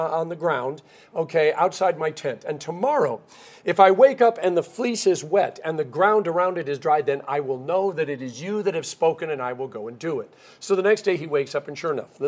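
A man preaching a sermon, telling stories and acting out quoted characters along the way. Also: fairly high pitch. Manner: storytelling, acts out quoted characters. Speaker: pastor.

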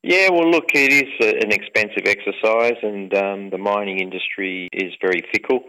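A middle-aged man with an Australian accent, a football club owner, answering interview questions in a relaxed, rambling way with many fillers. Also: lowish voice, normal speed, poor audio. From England. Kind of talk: conversational interview.

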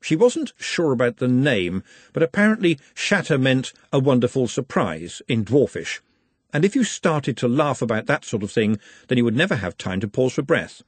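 A man reading an audiobook aloud in a wry, animated way. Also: mid-range voice, moderate pace, slightly rough, dry recording. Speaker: audiobook narrator. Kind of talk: audiobook narration.

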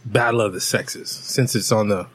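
A man's voice: on the low side, fairly even intonation, normal speed, breathy edge, dry recording. A man co-hosting a podcast in casual chat, talkative and stumbling over his words. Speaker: podcast co-host.

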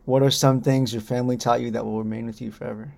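A man's voice: mid-range voice, level tone, fast, vocal fry, darkish tone. A man hosting a casual podcast, asking the guest questions and keeping the talk moving. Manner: asks questions, keeps things moving. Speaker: podcast host.

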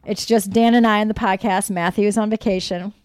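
A woman's voice: medium pitch, fairly even intonation, fairly quick, a little mellow, clear, resonant tone, no echo, studio quality. A woman hosting a podcast, chatting casually and bubbly, laughing often and restarting her sentences. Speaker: podcast host. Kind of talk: casual, giggly interview chat.

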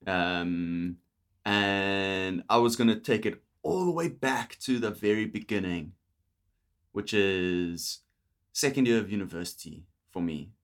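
A young man with a South African accent, hosting a casual podcast chat, talking loosely and laughing often. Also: lowish voice. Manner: chatty, laughs often, restarts sentences. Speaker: podcast host.

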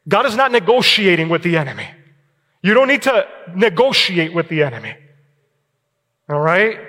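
Male pastor, high voice, sermon in a church with long reverb, conversational check-ins. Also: fairly bright tone. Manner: preaching with frequent "all right?" check-ins and short laughs. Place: church sanctuary.

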